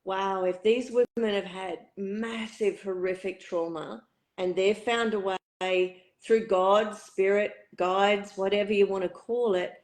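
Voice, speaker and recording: A middle-aged woman speaks with a croaky, husky throat, her pitch sitting in an ordinary middle range. She tells her story candidly and reflectively, with the odd filler along the way, as a retreat facilitator being interviewed. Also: steady tone, unhurried, rough recording.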